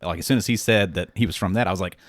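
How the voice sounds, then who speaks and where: A man co-hosting a podcast in casual chat, animated, swearing freely and stammering on restarts. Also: low-pitched, very fast, dry recording, studio quality. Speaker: podcast co-host.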